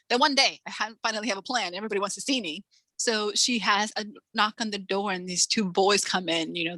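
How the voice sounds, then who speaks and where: A woman in her forties, an author, chatting in an interview and acting out quotes from her stories with lively energy. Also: medium pitch, no room sound, low-quality recording. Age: 40s. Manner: animated storyteller acting out quotes. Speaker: author, guest. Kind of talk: casual interview chat.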